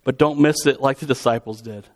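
A man's voice: medium pitch, fairly quick. A man preaching in a conversational, storytelling way, acting out quotes with vivid voices. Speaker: pastor. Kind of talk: sermon.

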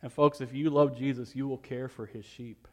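A man preaching a sermon to graduates, telling a story with emphatic, rising peaks and soft, quiet asides. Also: mid-range voice, steady tone, moderate pace. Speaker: pastor.

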